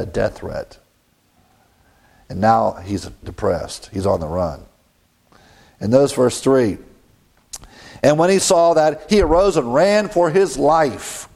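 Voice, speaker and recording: A man's voice: medium pitch, creaky, darkish tone. A man preaching a sermon, reading scripture and adding conversational asides with frequent chuckles.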